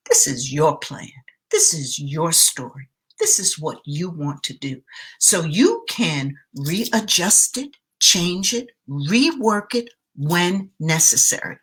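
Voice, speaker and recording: A woman coach delivers a motivational self-care lesson straight to her viewers. Her voice sits a little low yet bright and slightly husky. She speaks slowly and leans on repeated key phrases. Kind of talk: motivational talk to camera.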